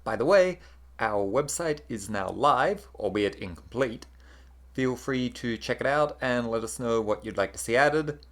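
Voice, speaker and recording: In this scripted accent lesson, the narrator takes their time, keeping an even, explanatory reading. Their intonation is lively, rising and falling throughout.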